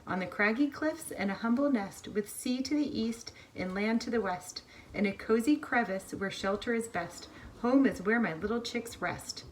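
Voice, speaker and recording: Woman voicing a motherly female gull, squawking, sing-song rhymes, higher voice, storybook reading. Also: normal speed, slight background noise, close to an everyday voice.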